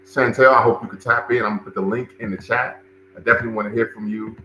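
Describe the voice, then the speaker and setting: A man's voice: lowish voice, fairly even intonation, fast talker, sharp tone, roomy sound, a little hiss or hum, rough recording. A man hosting a livestream, commenting and talking with his chat, emphatic and repeating phrases for stress. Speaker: livestream show host and cultural center director.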